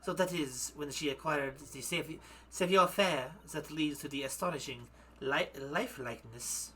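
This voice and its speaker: A man doing a poised young waxwork artisan from a murder-mystery game, speaking in a wobbly mock French accent that keeps slipping toward German. Her delivery is formal and measured, with a bright, forceful edge, and she trips over her own French words now and then. The voice sits a little high. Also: lively intonation. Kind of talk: reading game dialogue aloud.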